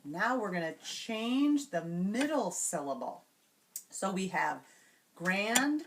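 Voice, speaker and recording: A woman demonstrating classroom reading routines, sounding out words patiently and slowly. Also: medium pitch, big pitch swings, slight background noise. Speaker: teacher trainer. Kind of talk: instructional demonstration.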